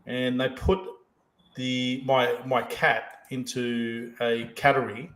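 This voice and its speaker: A man's voice: medium pitch, flat delivery, slow, fairly bright tone. A male podcast host in casual chat, telling stories and swearing heavily as he rambles. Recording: roomy echo.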